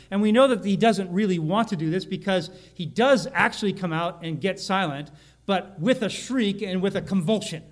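A man preaching a sermon as a pastor, reading scripture aloud and explaining it, often restarting his sentences. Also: high voice. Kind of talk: expository sermon.

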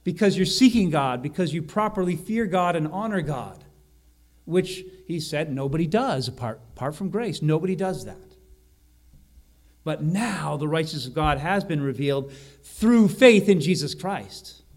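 A man preaching a sermon, slowing and rising on key phrases and often correcting himself mid-sentence. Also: a little high, animated. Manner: emphatic, slows and rises on key phrases, frequent self-corrections. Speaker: pastor.

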